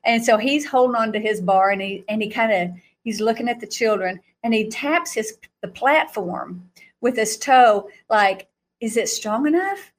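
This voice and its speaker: A woman guest speaker recounting a vision in animated storytelling, acting out quotes and laughing often. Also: a little high, moderate pace.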